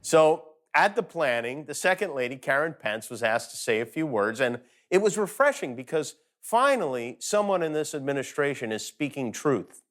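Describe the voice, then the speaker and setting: Late-night host, male, slightly high voice, dry sarcastic punchlines, monologue read at home. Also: very animated, normal speed, fairly bright tone. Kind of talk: comedic monologue.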